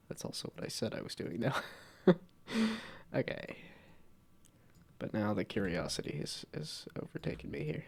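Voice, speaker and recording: Man, streamer, stuffy cold, gravelly, rambling self-deprecating chat, low energy. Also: sing-song, unhurried, pauses often. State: congested from a cold. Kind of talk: casual live-stream chat while working.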